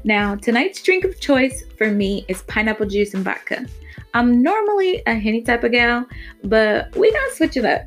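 A woman hosting a podcast, narrating an erotic first-person story in a candid, casual way and swearing freely. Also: on the high side. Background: faint guitar music.

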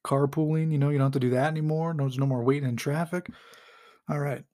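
A man's voice: fairly high pitch, steady tone, fast talker, dark tone. A man recapping a comic story in casual chat, rambling with lots of fillers and frequent chuckles. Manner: rambling and amused, chuckles often, heavy use of fillers. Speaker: podcast host recapping a comic.

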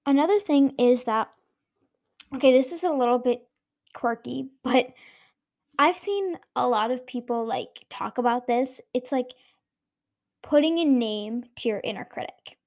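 A woman's voice: high-pitched, measured pace, long pauses, darkish tone. A young woman hosting her own podcast, talking casually and earnestly, encouraging her listeners directly. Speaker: podcast host. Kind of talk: casual solo podcast talk.

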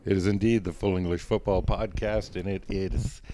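Low-voiced man telling a laughing story. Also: steady tone, moderate pace, loud music behind the voice. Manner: self-deprecating, laughs through his own story. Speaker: podcast host. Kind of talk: casual storytelling chat.

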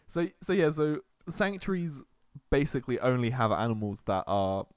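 A man co-hosting a podcast in casual chat, relaxed, laughing easily and explaining with lots of fillers. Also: mid-range voice, moderate pace, smooth, no room sound, studio quality. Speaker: podcast co-host.

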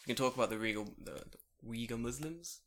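Fast podcast dude, bright voice, lots of swearing, does little voices mid-story. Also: male voice, medium pitch. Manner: fast, profane, animated storytelling with put-on voices. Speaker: podcast co-host. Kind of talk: casual podcast chat. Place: home recording room.

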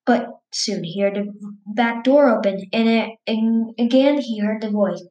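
A woman's voice: a little high, a little slow, mellow, roomy sound, dull audio. A woman reading a scary story aloud in a casual, stumbling way, restarting words as she goes.

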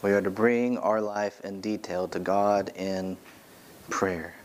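A pastor preaching a sermon from the pulpit of a church, earnest and emphatic, repeating key phrases for weight. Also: male voice, sits low, steady tone, slow, a little hiss or hum.

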